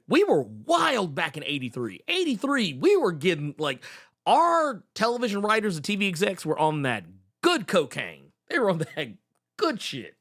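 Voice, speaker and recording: A man's voice: fairly high pitch, a bit bright. A man hosting a live stream, chatting casually with viewers in an exclamatory, profane, joking way. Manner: exclamatory, profane, laughing often. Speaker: show host.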